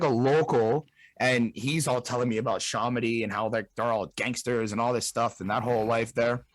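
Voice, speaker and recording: A man's voice: medium pitch, no echo. A young man from Montreal's South Shore, telling a rambling, profane party story as an interview guest. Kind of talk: casual storytelling.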